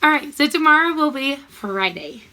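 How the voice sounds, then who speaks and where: A woman's voice: sits high, lively intonation, normal speed, bright, forceful tone. A woman teaching an online math lesson to young children, cheerful and sing-song, breaking into short rhymes.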